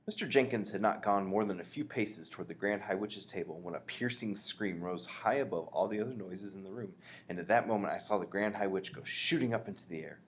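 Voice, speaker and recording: A man reading a children's book aloud, expressively, pausing to explain. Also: lowish voice. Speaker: reader.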